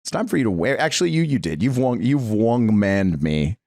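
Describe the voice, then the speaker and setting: Low-voiced young man, teasing co-host. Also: fairly quick, no room sound, clean studio sound. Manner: joking, teasing, excitable. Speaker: podcast co-host. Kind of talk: casual chat.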